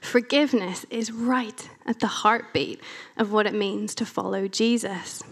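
A woman's voice: mid-range voice, a little slow. A woman preaching a sermon, reading scripture aloud and explaining it in a conversational way with wry asides.

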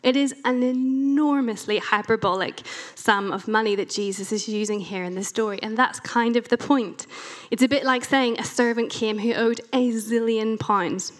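A woman's voice: a little high, moderate pace. A woman preaching a sermon, reading scripture aloud and explaining it in a conversational way with wry asides.

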